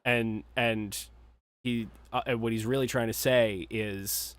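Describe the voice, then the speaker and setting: A man's voice: medium pitch, steady tone, slow, smooth, dry recording. A man co-hosting a casual podcast chat, playfully spinning mock conspiracy theories. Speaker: podcast co-host.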